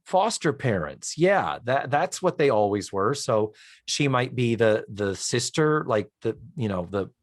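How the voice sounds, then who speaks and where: Podcast co-host, male: lively, swinging pitch, acts out scenes, dry close mic. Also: unhurried, dry recording. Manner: animated storytelling, acts out lines from the episode; swears for comic effect. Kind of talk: casual recap chat.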